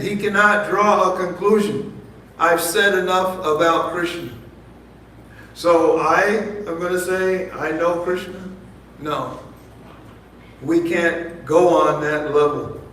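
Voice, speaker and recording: High-voiced man preaching in an echoey hall. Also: a bit bright. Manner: emphatic, stretches key words slowly, repeats phrases. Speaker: guest speaker at a temple Sunday feast. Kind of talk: sermon. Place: temple hall. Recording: very echoey hall, distant mic, faint noise.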